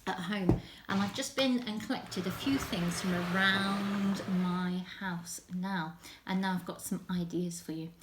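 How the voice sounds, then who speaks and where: A woman children's leader storytelling from her home. Her delivery is animated and playful, sinking into whispers at the quiet moments. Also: mid-range voice, a little hiss or hum.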